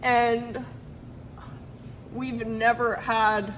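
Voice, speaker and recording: A woman's voice: a little high, flat delivery, drawn-out words, fairly bright tone, muffled recording, a little hiss or hum. A woman talking to camera in a casual vlog, emotional and rambling, often breaking into laughter. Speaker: vlogger and product maker.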